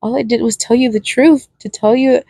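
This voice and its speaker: A woman narrates a fan fiction story aloud, pressing on steadily with small restarts here and there. Her voice sits a little high. The sound is close and dry, with no room around it. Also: steady tone, fairly quick, creaky, mellow, slightly rough, no room sound.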